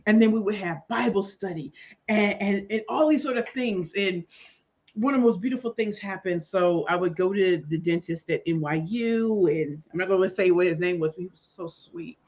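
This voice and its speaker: A woman's voice: medium pitch, moderate pace. Emphatic woman telling her story. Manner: emphatic, expressive, bursts of loud emphasis. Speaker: talk show guest. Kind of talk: candid personal storytelling. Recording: slightly dull lo-fi audio.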